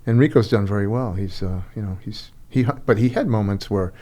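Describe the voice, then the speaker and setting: A middle-aged man hosting a casual conversation, an animated storyteller who acts out quoted voices. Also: fairly low pitch, brisk. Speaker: host.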